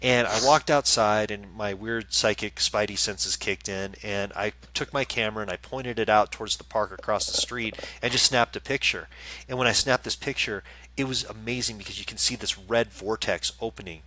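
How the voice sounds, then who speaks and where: Male psychic co-host, chatty and stammering, lowish bright voice. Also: moderate pace, poor audio. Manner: rambling, stammering, joking. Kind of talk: casual live-stream chat.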